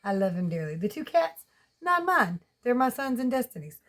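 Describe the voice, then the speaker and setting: A woman's voice: on the high side, big pitch swings, normal speed, a bit bright. A woman with a Southern US accent rambling in a casual, folksy home vlog, often laughing. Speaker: vlogger. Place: at home with pets.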